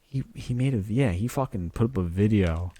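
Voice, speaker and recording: A man with a low, deep voice chatting loosely on a podcast, swearing freely and rambling from one joke to the next. The sound is dry and close, with little room around it. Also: mellow, no room sound. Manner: profane, rambling, quick to joke. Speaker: podcast co-host. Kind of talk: casual chat.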